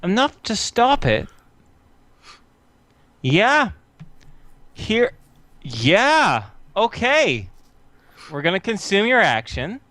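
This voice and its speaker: Lively-voiced man running a tabletop game. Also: high voice, no echo. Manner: thinks aloud with frequent filler pauses. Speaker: game master.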